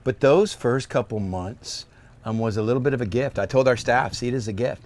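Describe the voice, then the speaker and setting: Easygoing pastor, upbeat guest. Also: male voice, mid-range voice, fairly quick, darkish tone. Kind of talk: casual conversational interview. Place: outdoors on a boat at sea.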